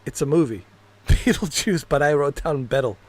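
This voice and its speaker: A man telling stories in casual chat on his game stream, rambling and laughing at his own jokes. His voice sits a little high for a man, and he curses freely as he goes. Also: animated, normal speed. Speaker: gaming streamer.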